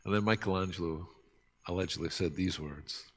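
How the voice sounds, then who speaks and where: A man preaching a sermon in an earnest, reflective way, often dropping to a soft hush. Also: deep voice, brisk, slightly rough. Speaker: pastor.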